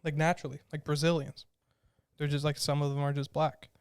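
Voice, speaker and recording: A man's voice: on the high side, flat delivery, brisk, smooth, no echo, studio quality. A man co-hosting a podcast in casual chat. He rambles through his opinions with lots of "like" fillers. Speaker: podcast co-host.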